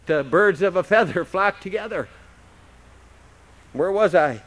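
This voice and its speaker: A man's voice: sits high, lively intonation, unhurried, a bit bright. A male pastor teaching a Bible passage in a conversational sermon, often checking in with rhetorical questions.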